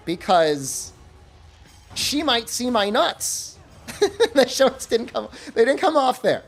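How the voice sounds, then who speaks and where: Animated man telling a story. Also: extremely high pitch, measured pace, soft background music. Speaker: streamer. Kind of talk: casual storytelling on a game stream.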